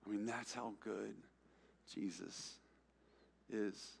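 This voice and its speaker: A young man with a slightly low voice preaches in a church, talking like a friend rather than from a pulpit. He acts out the characters in quick asides, rising loud and excited, then dropping to a near hush. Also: slight background noise. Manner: conversational preaching with casual slang and acted-out quotes; swings from loud and emphatic to low and hushed. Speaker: pastor. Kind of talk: sermon.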